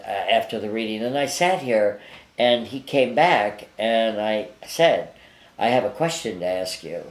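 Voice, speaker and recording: An older psychic guest, interviewed at his apartment, rambles casually through his anecdotes with plenty of fillers and restarts. He speaks in a mid-range voice in an echoey room.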